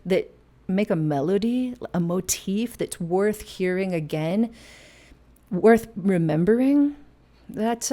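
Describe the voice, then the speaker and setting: A woman's voice: medium pitch, warm tone. A woman hosting a casual piano lesson and plugging her classes, chatty and enthusiastic with playful asides. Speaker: music teacher and host. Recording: faint piano music behind. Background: piano playing.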